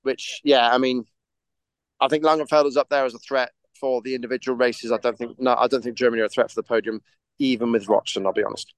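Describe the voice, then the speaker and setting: A man co-hosts a casual chat show, talking at a middle pitch in a smooth, clear voice. He rambles, stops and restarts his sentences, and laughs easily. The sound is dry, with no room around it. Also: fairly even intonation, quick pace, dry recording. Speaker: podcast co-host.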